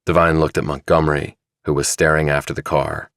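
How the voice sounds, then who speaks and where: Narrator: man, very low voice, measured thriller reading, dry studio sound. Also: gravelly, no room sound. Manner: measured, even storytelling. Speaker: audiobook narrator. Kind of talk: scripted narration.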